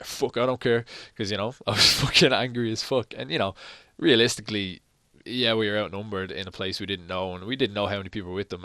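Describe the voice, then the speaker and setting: A man's voice: on the low side, dry recording, studio quality. A young man, telling a personal story on his vlog, swearing a lot and acting out what everyone said. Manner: animated, profane retelling that acts out quoted dialogue. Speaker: vlogger.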